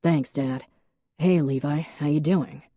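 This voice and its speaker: A woman's voice: low-pitched, slow pace, warm tone. Woman doing a dry wry grown man. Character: adult man, dry and wry, hiding anxiety.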